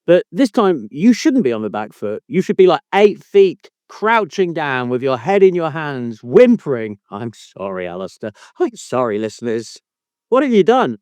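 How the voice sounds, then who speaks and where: A man's voice: on the high side, big pitch swings, normal speed, hardly any pauses, a little mellow, clean tone, no echo. A man hosting a podcast in casual chat, teasing his co-host with mock indignation and free swearing.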